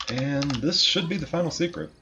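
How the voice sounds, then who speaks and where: A gamer offers casual, chatty commentary over his own gameplay, swearing now and then and making jokes at his own expense. His voice is on the high side at a normal speed. The muffled recording carries background noise, game music and keyboard typing.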